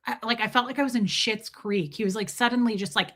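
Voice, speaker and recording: A woman with a bright, clear and fairly high voice chats casually on a livestream. She tells stories in an animated way and keeps breaking off to greet viewers by name. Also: fast. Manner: animated storytelling, reads out viewer names. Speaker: livestream host.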